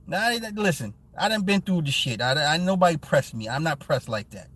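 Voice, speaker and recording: A man in his forties hosting a casual live stream, chatting with viewers in a blunt, profane and animated way, often laughing. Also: on the high side, fairly quick, slightly rough. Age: 40s. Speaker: live-stream host and movie reviewer.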